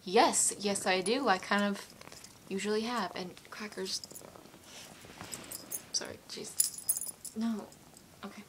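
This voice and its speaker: A woman's voice: mid-range voice, steady tone, slow pace, pauses often, a bit bright, slight background noise. A woman answering fan questions in a casual home vlog, rambling, giggling and apologizing as she gets emotional telling a story. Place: at home with her cat.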